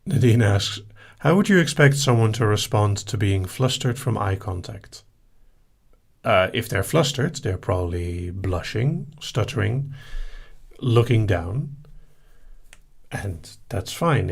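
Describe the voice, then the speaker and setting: A man hosting a live session, reading listener questions aloud and answering them in a relaxed, casual way. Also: on the low side, takes it slowly, creaky, husky. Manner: relaxed, reads out questions then answers briefly.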